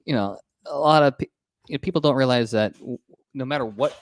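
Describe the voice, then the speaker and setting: A man's voice: medium pitch, fairly quick, dry recording. A man co-hosting a home podcast, chatting casually with wry, agreeable asides. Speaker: podcast co-host. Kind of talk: casual chat.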